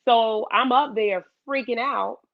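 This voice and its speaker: A woman guest in a casual chat, telling an animated story and acting out her own past lines. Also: on the high side, slow pace, vocal fry, no room sound, dull audio.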